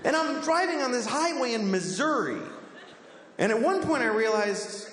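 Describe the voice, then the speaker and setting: A man's voice: extremely high pitch, big pitch swings, normal speed, a bit bright. A man doing stand-up on a club stage, telling a rambling, exasperated, self-mocking story. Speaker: stand-up comedian. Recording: echoey hall with background noise.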